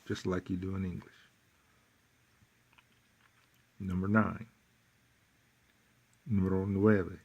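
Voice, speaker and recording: Man, deep husky voice, unhurried, workbook lesson, folksy asides. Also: flat delivery, a little mellow, lo-fi sound. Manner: slow, deliberate, repeats phrases, folksy asides. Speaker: Spanish teacher.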